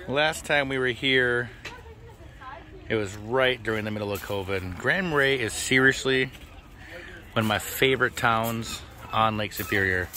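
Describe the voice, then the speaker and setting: A middle-aged man giving relaxed, chatty tour-guide commentary for a family travel vlog, recorded outdoors on a handheld camera. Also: mid-range voice, a little slow. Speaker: family vlogger. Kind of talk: casual travel vlog narration. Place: outdoors on a lake and trails.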